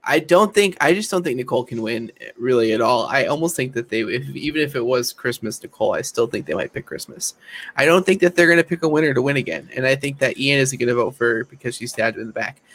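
A man hosts a podcast, chatting casually about a reality show with an easy, mid-pitched voice. He often hesitates and restarts his sentences. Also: animated, quick pace, fairly bright tone.

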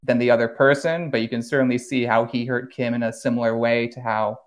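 A man in casual podcast talk, recapping plot points with quick enthusiasm and easy laughs. His voice sits in a middle register and he drops the odd curse word when something excites him. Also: mid-range voice. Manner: animated recapper, swears, laughs often. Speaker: podcast host.

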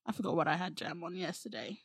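A woman's voice: lowish voice, expressive, fast, husky, no room sound. Chatty woman in casual banter. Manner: chatty, laughing, hesitant with fillers. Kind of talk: casual chat.

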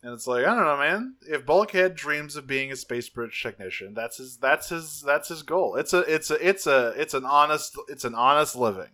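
A man with a bright, forward voice talks through a cartoon episode with a co-host. He rambles casually, doubling back on his words and filling gaps with ums. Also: a little high, animated, moderate pace, hardly any pauses. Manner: rambling, frequent fillers and restarts, laughs often. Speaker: podcast co-host. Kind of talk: casual chat recapping a cartoon.

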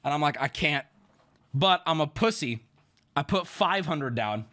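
A man streaming, telling an animated story to his chat and friends, shouting at the high points and dropping low to mimic others. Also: normal speed. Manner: excitable, shouts at the big moments, drops into gruff voices for others.

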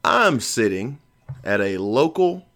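A man's voice: medium pitch, very animated, takes it slowly, fairly bright tone. A man in his thirties hosting a casual podcast, rambling and joking with plenty of ums. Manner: rambling, jokey, lots of ums. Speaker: podcast host.

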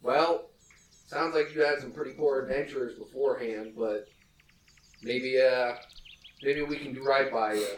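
A man's voice: medium pitch, normal speed, long pauses. A man playing a tabletop game, casual and joking. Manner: animated, joking. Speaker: player. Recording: echoey room with faint noise.

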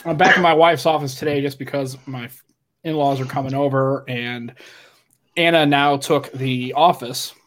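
A man's voice: mid-range voice, fairly even intonation, normal speed, a bit bright. A middle-aged man hosting a podcast from his home office over a video call, chatting casually in a rambling, teasing way. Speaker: podcast host. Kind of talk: casual chat. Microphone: webcam video call.

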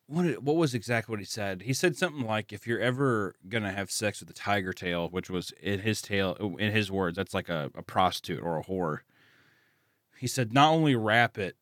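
A man's voice: lowish voice, bright, forceful tone, no room sound, clean studio sound. A man who is a guest on a podcast, chatting casually, stammering and laughing as he rambles. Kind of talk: casual chat.

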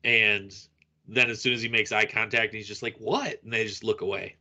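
A man's voice: lowish voice, little pitch movement, fairly quick, pushed and bright. A man in casual podcast chat, rambling a little, laughing often and searching for names as he talks.

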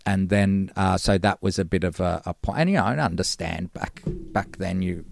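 A man's voice: low-pitched, moderate pace, creaky. A middle-aged man, a former band singer, telling rambling stories in a casual interview and acting out old conversations. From Australia. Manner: rambling, acts out past dialogue.

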